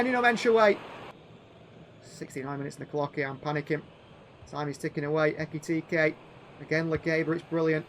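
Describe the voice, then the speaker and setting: Excitable man calling a football video game. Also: on the high side, brisk, pauses often, slight background noise. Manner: calls play-by-play in bursts, shouting at chances. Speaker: gaming YouTuber doing live commentary.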